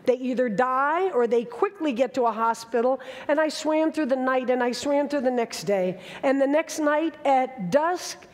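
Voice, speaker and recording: In a large hall before an audience, a woman in her sixties tells a dramatic story on stage. Her high voice moves at a normal speed with hardly any pauses, breaking into vivid, emphatic bursts.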